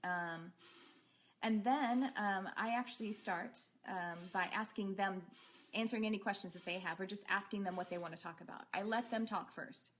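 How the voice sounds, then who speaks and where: A woman's voice: mid-range voice, moderate pace, a bit bright, a little hiss or hum. A woman teaching a casual online class as an animal communicator, rambling along with many fillers and restarts.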